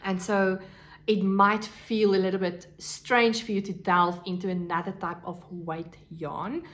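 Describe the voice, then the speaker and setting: A woman hosting a casual crafting podcast, gushing over her things and sometimes dropping to a soft whisper. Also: mid-range voice, fairly even intonation, a little slow. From South Africa. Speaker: podcast host. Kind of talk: casual show-and-tell chat.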